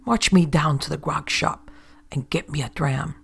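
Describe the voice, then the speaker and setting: A woman voicing a bossy, menacing dead sailor who was hanged, barking coarse orders in a gruff voice with a creaky, husky edge. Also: deep voice, moderate pace, full character voice. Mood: gruff, commanding.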